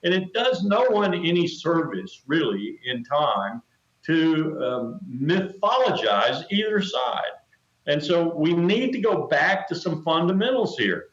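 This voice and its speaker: Older male guest, emphatic and measured, repeating phrases for stress; muffled, echoey remote feed. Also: on the high side, very animated, a bit bright. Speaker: interview guest, retired colonel. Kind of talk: remote news interview.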